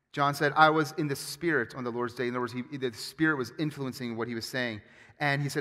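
A man preaching a sermon as pastor, with animated, emphatic storytelling and frequent restarts. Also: medium pitch. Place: church sanctuary. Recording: long hall reverb.

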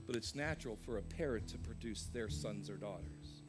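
A man preaching a sermon as pastor, swinging from loud emphatic peaks to quieter asides. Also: on the low side, normal speed, over music. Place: church sanctuary.

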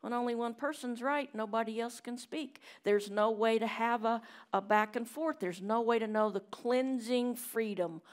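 A middle-aged woman preaching a sermon in a church chapel, telling stories with loud emphasis and hushed asides. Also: a little high, fairly even intonation, moderate pace, few pauses.

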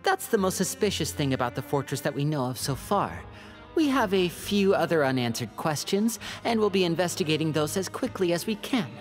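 A voice actor playing a composed young male investigator giving a measured briefing, in video game voice acting. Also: fairly low pitch, very animated, soft background music.

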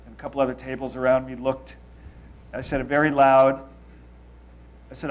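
A man in his thirties from Los Angeles, telling a confessional story to an audience. He swings between loud emphasis and quiet asides. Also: mid-range voice, little pitch movement, brisk, pauses often. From Los Angeles, United States. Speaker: speaker.

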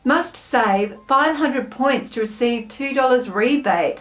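A woman's voice: fairly high pitch, slow pace, hardly any pauses, faint music behind. An Australian woman hosting a snack taste-test vlog, chatting to camera in a bubbly, self-mocking way. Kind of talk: casual chat to camera.

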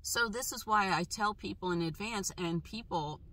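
Bright-toned woman telling halting stories. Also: medium pitch, dry recording. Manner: halting, with frequent pauses, restarts and fillers. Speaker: travel vlogger. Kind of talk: casual personal storytelling.

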